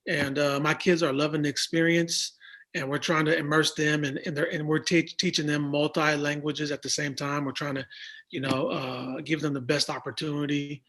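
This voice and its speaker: A man from the United States, a guest in a relaxed remote interview. His voice sits a little high and has a husky grain. He talks in an easygoing, reflective way. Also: normal speed. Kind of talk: casual interview over a call.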